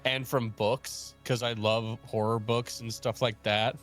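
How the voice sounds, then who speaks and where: A man's voice: medium pitch, little pitch movement, unhurried, a bit bright, soft background music. A man, a guest, talking casually and rambling with lots of filler words. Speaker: guest co-reader. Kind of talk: casual chat.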